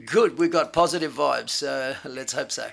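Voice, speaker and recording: A man answering questions about a series at a press event, halting and searching for words as he talks. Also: medium pitch, gravelly, a bit bright.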